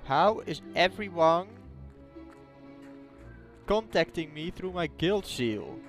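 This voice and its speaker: A young man giving goofy, excitable commentary over his gameplay, often yelling at the game. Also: a little high, slow, faint music behind. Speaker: gaming video creator.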